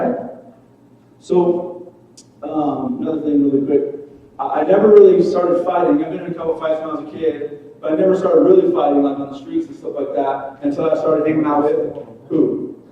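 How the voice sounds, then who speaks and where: A man's voice: a little high, lo-fi sound. A young man preaching a casual youth sermon, joking and self-deprecating, often asking the room questions. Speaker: youth pastor. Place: church hall. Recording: roomy far-off hall recording.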